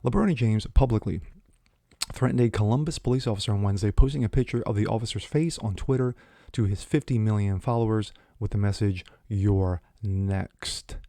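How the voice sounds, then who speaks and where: A man with a low, dark voice reads news stories aloud and cuts in with scornful, sarcastic remarks. The recording is dry and close, with no room sound. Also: fast, gravelly, dry recording. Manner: sarcastic, mocking asides between quoted passages. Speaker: commentary channel host. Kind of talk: opinion commentary reading news aloud.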